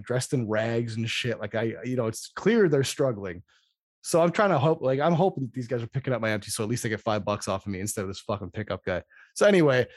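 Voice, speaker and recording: A man hosting a casual podcast, telling a rambling, profane story in an animated way. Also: lowish voice, dry recording, studio quality.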